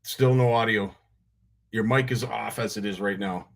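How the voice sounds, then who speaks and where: A man's voice: fairly low pitch, steady tone, normal speed, vocal fry. A man hosting a live show, talking in a friendly, encouraging, casual way. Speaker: host.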